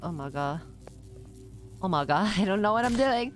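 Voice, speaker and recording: A woman streamer giving live gameplay commentary, excitable, swearing freely and laughing often. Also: mid-range voice, moderate pace, long pauses, over music.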